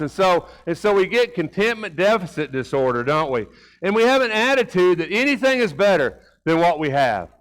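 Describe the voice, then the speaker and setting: A man's voice: high voice, very animated, moderate pace, a bit bright, low-quality recording. A middle-aged man preaching a conversational sermon in a church, folksy, with rhetorical questions and a personal story. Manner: folksy, rhetorical questions, repeats words while talking. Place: church sanctuary.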